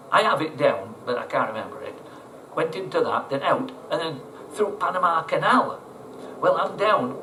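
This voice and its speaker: A man's voice: medium pitch, fairly bright tone. An older man, telling a rambling, salty travel story as an interview guest. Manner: rambling, salty, chuckling raconteur. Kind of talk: casual storytelling. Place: outdoor event. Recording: roomy, distant, faint background noise.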